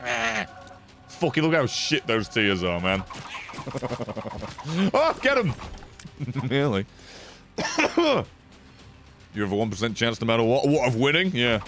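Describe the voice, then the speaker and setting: A young man commentating his own gameplay on a live stream, profane and animated, grumbling then yelling at the game. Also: medium pitch, unhurried, pauses often. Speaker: gaming streamer. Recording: game music behind voice.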